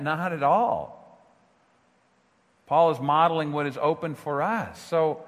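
A man preaching a sermon as pastor, earnest and full of rhetorical questions, moving from hushed tones to near-shouting. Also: on the high side. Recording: long hall reverb.

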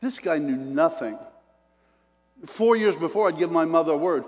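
A man's voice: on the high side, moderate pace. Older male preacher in a reverberant hall. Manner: animated storytelling preacher, swings between loud bursts and hushed asides. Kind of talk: sermon.

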